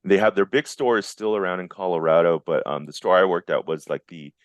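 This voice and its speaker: An excitable man in his forties tells stories as a podcast guest, doubling back and restarting his thoughts as he goes. His voice sits very low, and the sound is close and dry, with no room around it. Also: a little fast, no room sound. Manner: rambling, enthusiastic, many restarts. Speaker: guest, visual effects artist. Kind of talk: casual interview chat.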